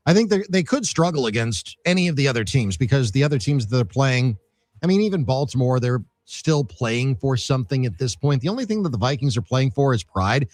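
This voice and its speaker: A man's voice: mid-range voice, darkish tone, no room sound. A man co-hosting a sports radio show, chatting casually and reading sponsor details. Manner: easygoing, fumbles and corrects numbers. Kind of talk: casual sports radio chat and live reads. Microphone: studio mic.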